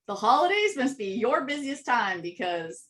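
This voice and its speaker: A woman telling animated anecdotes as an interview guest, acting out little voices and laughing often. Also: fairly high pitch, moderate pace. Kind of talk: casual storytelling interview.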